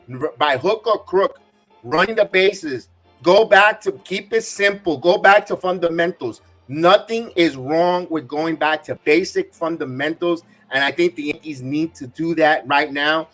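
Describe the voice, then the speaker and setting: A man's voice: fairly high pitch, a bit bright. A man hosting a live baseball watch-along, ranting and cursing as an irate fan giving game reaction commentary.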